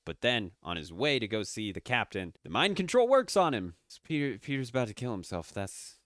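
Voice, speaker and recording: A young man giving casual movie commentary, excitable and sarcastic, swearing often. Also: mid-range voice, brisk, dry recording, studio quality. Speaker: movie reviewer.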